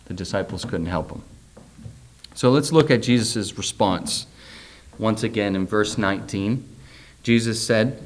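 A middle-aged man with a lowish voice preaches at a measured pace, pausing often. He reads scripture aloud, then discusses it loosely, using fillers and posing questions to his listeners.

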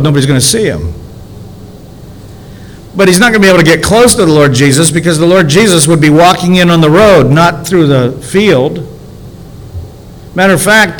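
A male pastor delivering a sermon in a relaxed, conversational way, with a voice pitched a little high. He often asks the congregation rhetorical questions and slows down to lean on important words. Faint hiss sits under the recording. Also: rough recording.

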